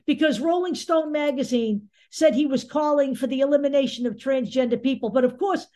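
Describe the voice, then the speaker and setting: A woman's voice: high-pitched, fairly quick, mellow. A woman hosting a political commentary show, talking angrily, bluntly and sarcastically, with some swearing. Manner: angry, sarcastic, blunt and profane. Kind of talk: opinion commentary monologue.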